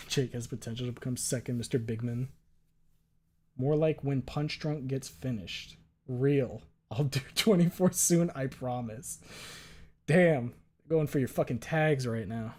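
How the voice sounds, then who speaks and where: A man's voice: medium pitch, measured pace, a little mellow. A man streaming and chatting casually, joking around, swearing freely and reading viewer messages aloud. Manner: joking, profane, reads chat aloud. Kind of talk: casual livestream chat.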